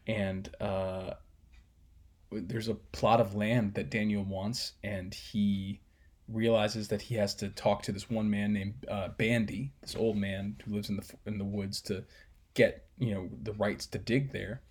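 A man's voice: on the low side, level tone, a little slow, darkish tone, breathy edge. A man casually breaking down a film scene, rambling with fillers and swearing.

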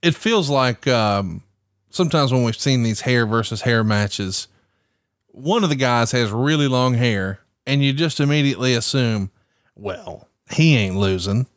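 A man's voice: mid-range voice, expressive, a little slow, no echo. Teasing man asking questions, dry sound. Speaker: podcast co-host, interviewer. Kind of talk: casual interview chat.

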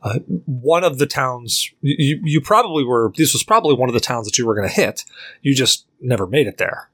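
A man narrating a tabletop role-playing game as game master, in a relaxed way with many fillers and restarts. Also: medium pitch, brisk, breathy edge, dry recording.

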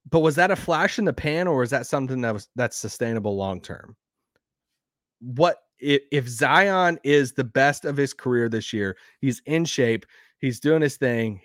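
A man with a Southern accent hosting a sports podcast, rambling and animated, laughing now and then. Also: medium pitch, dry recording, clean studio sound. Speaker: podcast host. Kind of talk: casual sports talk.

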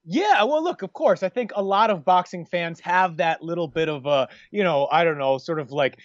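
A man co-hosts a casual podcast chat, rambling and joking and constantly interrupting himself with restarts. His voice is fairly high and moderately paced. The recording is dry and muffled.

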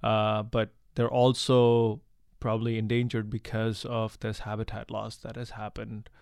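Smooth-voiced man explaining with earnest fillers. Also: on the low side, monotone, unhurried, a little mellow, no echo, studio quality. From India. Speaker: wildlife researcher and conservationist guest. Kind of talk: conversational interview answers.

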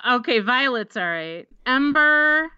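A woman's voice: high voice, lively intonation, takes it slowly, sharp tone, clean tone, no echo. A woman co-hosting a casual podcast, playful, spelling names out letter by letter. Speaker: podcast co-host. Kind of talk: casual chat about baby names. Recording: dry, slightly dull sound.

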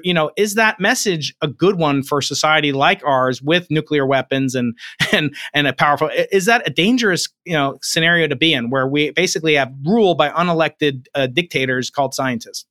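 A man hosting a video interview, talking in a quick, jokey way with frequent restarts. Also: a little high, bright, forceful tone, no echo, studio quality. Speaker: host and interviewer.

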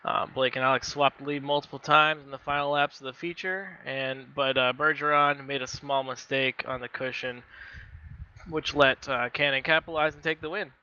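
A man with a bright, smooth voice goes through racing results for a podcast. He reads from notes casually, with many ums and uhs. The audio sounds dull and lo-fi. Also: mid-range voice, steady tone, moderate pace. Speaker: podcast co-host, news reader. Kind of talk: casual news rundown.

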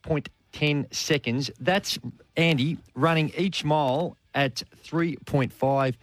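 A man's voice: fairly high pitch, slow, dry recording. A man with an Australian accent co-hosting a sports radio show, laughing at himself and tripping over words. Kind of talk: casual sports radio banter.

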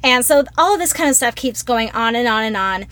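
A woman co-hosting a casual podcast chat, retelling a film with lively acted-out quotes. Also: a little high, a little fast, dry recording. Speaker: podcast co-host.

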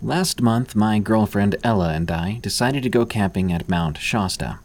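A man narrating scripted horror stories in a measured, even storytelling manner. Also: fairly low pitch.

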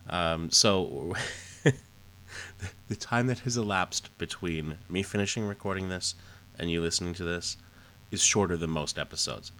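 A man's voice: low-pitched, moderate pace, long pauses, fairly bright tone. A man hosting a podcast, casually recapping an old comic book, rambling with lots of fillers. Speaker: podcast host.

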